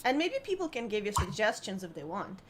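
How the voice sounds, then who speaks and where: A woman's voice: medium pitch, very animated, a little fast, slight background noise. A woman co-hosting a casual live-stream Q&A, playful and teasing, often giggling.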